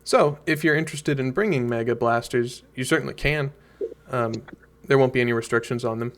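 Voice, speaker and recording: Casting: relaxed male meeting host, mid-range voice, encouraging and informal. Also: mid-range voice, fairly quick. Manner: friendly, easygoing, encouraging. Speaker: game organizer hosting an online meeting. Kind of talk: casual meeting talk.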